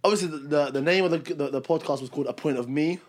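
Fast-talking young man. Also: a little high. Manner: rapid, animated, acts out quotes. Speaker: podcast co-host. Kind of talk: casual chat, storytelling.

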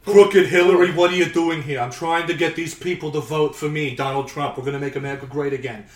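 A man's voice: fairly high pitch, steady tone, quick pace, roomy sound, distant mic, lightly acted. A man doing an impression of a boastful presidential candidate in an improvised comedy podcast, repeating catchphrases. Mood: blustering.

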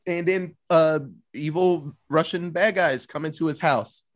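A man's voice: fairly high pitch, fairly even intonation, unhurried. A man casually retelling a movie plot for a podcast, loose and profane, slipping into the characters' lines. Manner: loose, profane storytelling with acted-out quotes. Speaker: podcast co-host.

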